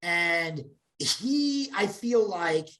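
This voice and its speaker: A woman co-hosting a podcast in casual chat, opinionated and blunt, talking in quick bursts full of restarts. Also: on the low side, lively intonation, a bit bright. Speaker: podcast co-host.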